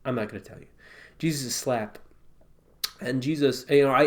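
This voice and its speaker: A man giving a casual, conversational Bible teaching, emphatic and full of rhetorical asides. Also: mid-range voice.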